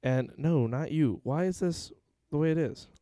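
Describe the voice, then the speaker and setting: A man with a smooth, resonant voice of middle pitch hosts a casual podcast on a close microphone. He tells stories in an animated way and acts out what others said. He is often sarcastic, and the sound is dry and near. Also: normal speed, no echo. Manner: sarcastic, animated storyteller who acts out quotes. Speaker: podcast host.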